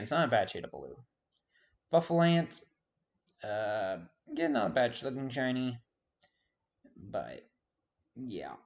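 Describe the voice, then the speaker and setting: Rambling man with a lively voice. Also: mid-range voice. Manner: rambling, forgets names, self-deprecating asides. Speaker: YouTube host. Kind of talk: casual game commentary.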